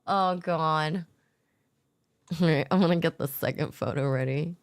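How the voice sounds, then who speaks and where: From her home streaming setup, a young adult woman with a low voice chats casually with her viewers at a measured pace. She's laid-back, swears often, and laughs a lot.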